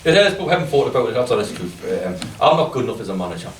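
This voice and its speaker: Man, football manager, strong accent, rapid and self-mocking; distant, roomy press-conference sound. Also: mid-range voice, very animated. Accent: strong regional accent. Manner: chatty, self-deprecating, laughs at own stories. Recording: echoey room, distant mic, faint noise.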